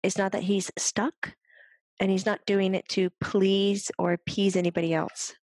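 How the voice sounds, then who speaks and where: A woman's voice: medium pitch, level tone, unhurried, a little mellow, no echo. A woman working as a medium on a talk show, chatting casually, laughing often and passing on what a spirit tells her. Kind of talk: casual chat.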